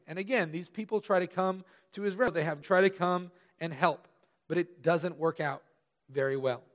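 A pastor preaching a conversational sermon, stressing key words slowly and trailing off softer at the ends of phrases. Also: male voice, sits high. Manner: conversational, pausing with emphatic slow stresses.

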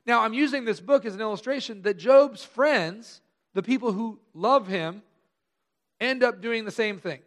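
Man, pastor, sermon, high voice, conversational, slow stressed words.

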